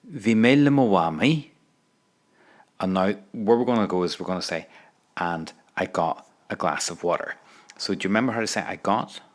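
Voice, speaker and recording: Guy, lowish voice, walking you through a lesson, patient, keeps asking you to repeat. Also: moderate pace. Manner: patient, prompting the listener to repeat phrases. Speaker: language teacher. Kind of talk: audio language lesson.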